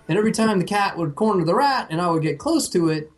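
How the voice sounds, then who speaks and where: A man co-hosting a podcast, telling a story in a casual, comedic way, animated and profane, laughing at himself. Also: high-pitched, fast, faint music behind. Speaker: podcast co-host.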